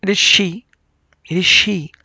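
A man's voice: high-pitched, steady tone, a little slow, sharp tone, breathy edge, dry recording, full character voice. A man voicing a panicked young man crying out at a ghost. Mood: terrified. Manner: frantic, gasping, half-whispered cries. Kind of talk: audiobook character voice.

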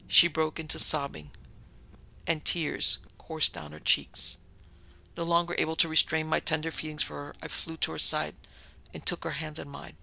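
Gravelly, bright-voiced male narrator. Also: a little high, little pitch movement, low-quality recording. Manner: formal and measured. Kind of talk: audiobook reading of a gothic tale.

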